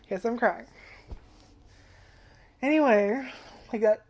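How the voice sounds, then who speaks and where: Mellow, low-voiced woman rambling through a review. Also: moderate pace. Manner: rambling and profane, heavy use of "like"; emotional, tearful at times. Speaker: anime reviewer. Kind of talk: casual review vlog. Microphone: camera.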